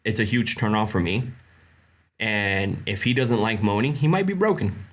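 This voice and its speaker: A man's voice: fairly low pitch, moderate pace. A young man hosting a casual live question-and-answer stream, blunt and joking, laughing often. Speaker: host.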